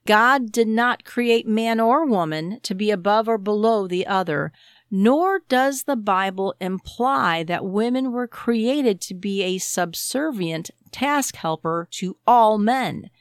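Slow, measured woman teaching scripture. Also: medium pitch, expressive, smooth, dry recording, clean studio sound. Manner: measured, deliberate delivery with rhetorical questions. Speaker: podcast host. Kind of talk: scripted Bible teaching monologue.

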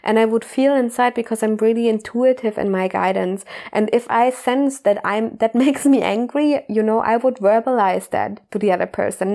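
A woman's voice: a little high, a little mellow. A woman life coach giving earnest, heartfelt motivational podcast talk, full of "like" and casual swearing.

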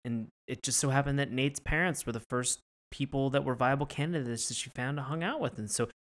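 A man's voice: medium pitch, brisk. A man co-hosting a casual podcast, retelling cartoon scenes with lots of laughter. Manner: laughs often, retells scenes with put-on voices. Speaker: podcast co-host. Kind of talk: casual chat reviewing a cartoon.

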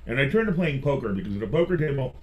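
A man's voice: medium pitch, very fast, muffled recording. Chatty man telling an anecdote. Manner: chatty, animated storyteller who restarts phrases. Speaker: magician guest. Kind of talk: personal storytelling in conversation.

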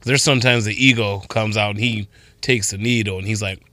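A Midwestern American man co-hosting a casual morning radio show, animated and quick to laugh, talking while in some pain. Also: fairly low pitch, dry recording. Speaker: radio co-host. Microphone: studio microphone.

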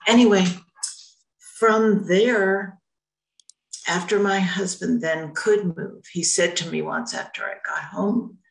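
A woman's voice: fairly low pitch, vocal fry, roomy sound, poor audio. A retired woman rabbi in her seventies chatting on a video call, telling her story in a rambling, self-correcting way. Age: 70s. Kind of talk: casual group conversation.

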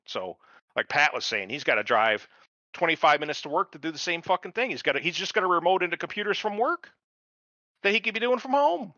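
A man's voice: fairly high pitch, bright, forceful tone, no echo, lo-fi sound. A man hosting a casual podcast, ranting with sarcasm and heavy swearing. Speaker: podcast host.

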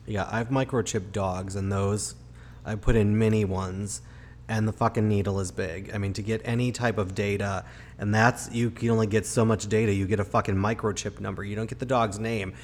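A man's voice: on the low side, steady tone, normal speed, slight background noise. A man co-hosting a casual podcast, ranting angrily and swearing often, recorded close on a home mic that runs hot. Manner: profane, ranting, loud. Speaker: podcast co-host. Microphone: close home podcast mic, hot levels.

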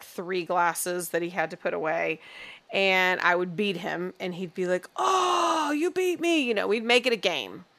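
A middle-aged woman co-hosting a podcast, telling a family story in an animated, chatty way and slipping into voices when she quotes people. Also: on the low side, vocal fry. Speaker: podcast co-host. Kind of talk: casual chat.

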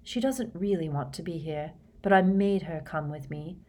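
A woman's voice: low-pitched, moderate pace, dark tone. A woman voicing a nervous, flustered teenage girl who stumbles and apologizes in a storybook reading. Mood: confiding.

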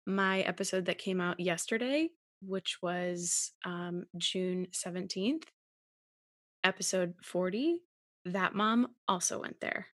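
A woman's voice: lowish voice, takes it slowly, a bit bright, no room sound. Woman podcast host, close and dry. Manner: brief supportive interjections. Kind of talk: casual chat.

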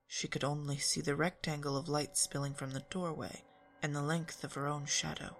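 A woman storyteller reading a story aloud in a calm, even narration. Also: low voice, normal speed, soft background music.

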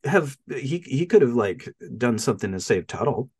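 Male podcast co-host, lively pitch swings, chatty film recap full of laughs and fillers. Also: normal speed, breathy edge. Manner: animated storytelling, laughs often, frequent fillers. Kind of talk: casual film-recap chat.

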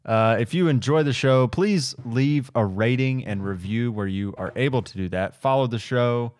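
A man's voice: mid-range voice, normal speed, a little mellow, dry recording. A man hosting a podcast in casual chat, laughing easily and rambling a bit. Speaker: podcast host.

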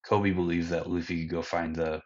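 A man's voice: low voice, flat delivery, moderate pace, a little mellow. A man hosting a podcast, retelling an anime's episodes in casual, rambling chat full of fillers. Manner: rambling, filler-heavy storytelling. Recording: dull lo-fi podcast audio.

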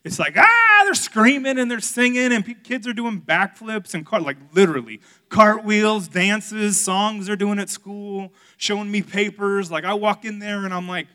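A male pastor preaching a sermon, telling a candid personal story, swinging from loud outbursts to hushed, quiet passages. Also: high voice, normal speed, hardly any pauses, clean tone.

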